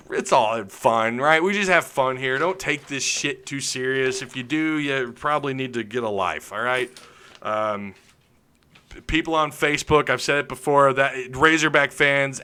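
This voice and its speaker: A man hosting a live sports podcast, ranting loudly with opinions and jokes, laughing often as he reads viewer comments. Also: mid-range voice, clear, resonant tone. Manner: loud, opinionated, joking rants with frequent laughs. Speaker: podcast host. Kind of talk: live-stream sports chat reading comments.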